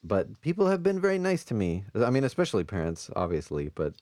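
A man with a lowish voice chats casually on a podcast and trades jokes with his co-hosts. The sound is dry, close and free of room echo, and his pitch moves around a lot as he talks. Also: wildly swooping pitch, darkish tone. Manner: chatty, self-deprecating, quick with jokes. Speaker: webcomic podcast co-host. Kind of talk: casual chat.

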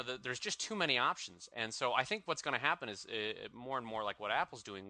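A man's voice: fairly low pitch, dry recording. A man co-hosting a podcast, chatting casually and jokingly, often slipping into comic voices. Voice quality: animated, jokey, slips into comic voices. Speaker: podcast co-host. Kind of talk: casual comedic chat.

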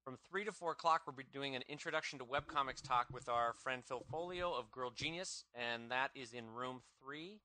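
A man's voice: medium pitch, moderate pace, few pauses, bright, forceful tone, no room sound. A middle-aged man co-hosting a podcast, rambling and jokey, often stopping to correct himself mid-sentence. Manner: rambling, self-interrupting, jokey. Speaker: podcast co-host. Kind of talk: casual podcast chat.

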